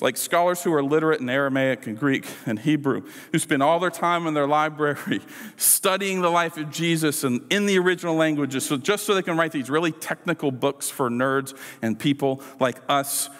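A pastor with a medium-pitched, slightly bright voice delivers a casual, conversational sermon in a church sanctuary. He tosses playful asides to the congregation, and the church hall adds reverb.

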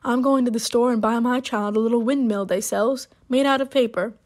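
A woman reads the part of a proud, solemn old countrywoman from a storybook. She talks in slow, stiff dialect, her voice sitting a little high. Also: fairly even intonation, a little mellow, natural voice. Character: elderly rural woman, solemn, dignified, proud.

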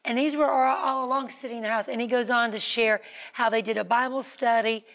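A woman with a fairly high voice co-hosts a TV talk show. She reads out a viewer's email, then reflects on it in an easy, conversational way. Her turns invite her co-host to pick up the thread. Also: fairly even intonation, a little fast, fairly bright tone.

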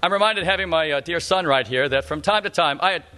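A middle-aged man preaching a sermon in a church, speaking emphatically and slowing down to stress repeated phrases. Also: on the high side, bright, forceful tone. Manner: emphatic, repetitive preaching with slowed punchlines. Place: church sanctuary.

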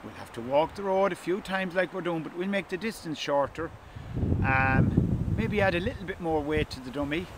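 A middle-aged man, a gundog trainer, calmly explaining an outdoor training session and talking softly to his dog. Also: fairly high pitch, moderate pace. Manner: calm, speaks softly to the dog between explanations. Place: outdoors in a field or lane. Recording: windy outdoor recording with loud background noise.

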